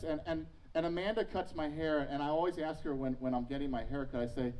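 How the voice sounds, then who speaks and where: Man in his thirties, pastor, sermon, self-mocking stories, slightly high voice, distant mic. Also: a little fast, few pauses, darkish tone. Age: 30s. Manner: storytelling with self-mocking humor.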